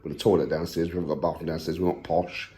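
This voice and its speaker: A man's voice: sits low, flat delivery, rapid-fire, dark tone. A man, joking and teasing his family in a casual home vlog. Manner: teasing, playful banter. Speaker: family vlogger.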